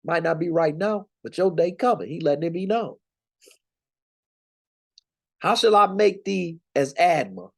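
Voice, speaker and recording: A man's voice: on the high side, lively intonation, a little slow, gravelly, pauses often. A young man teaching scripture in a casual, slangy, emphatic way, from the United States. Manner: conversational, preachy, slangy and emphatic. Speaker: Bible teacher.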